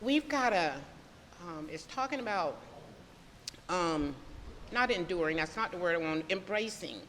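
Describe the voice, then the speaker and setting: A woman speaks with a bright, pointed tone, earnest and emotional as she talks through her faith. Her delivery is loose and conversational but preacherly, full of questions to her listeners. The voice rings out in a reverberant space with faint noise underneath. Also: fairly low pitch, expressive, unhurried. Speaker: devotional speaker. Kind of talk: casual devotional talk.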